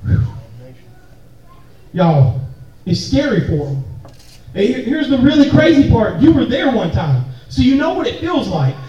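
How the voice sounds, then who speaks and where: A man's voice: very high voice, very animated, measured pace, long pauses, dark tone, lo-fi sound. A man preaching a sermon to a room full of people, casual and joking, with call-and-response to the crowd. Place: church hall or meeting room with an audience. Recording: very echoey room, mic far off.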